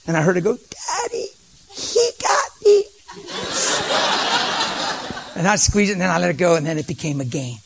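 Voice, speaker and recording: A man preaching, telling a story with vocal sound effects and sometimes dropping to a soft near-whisper. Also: on the high side, racing, creaky, very noisy. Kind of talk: storytelling sermon.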